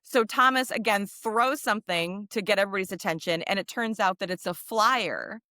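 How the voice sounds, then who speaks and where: A woman with a bright, sharp-edged voice recaps a film's plot for a podcast. She rambles easily, strewing her sentences with fillers. The sound is dry and close to the mic. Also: mid-range voice, moderate pace, no room sound. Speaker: podcast co-host. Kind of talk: casual chat, recapping a film.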